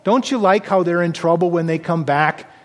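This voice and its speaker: A man's voice: fairly high pitch, moderate pace, big-room sound. A man preaching a sermon, reading scripture aloud and explaining it earnestly. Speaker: pastor.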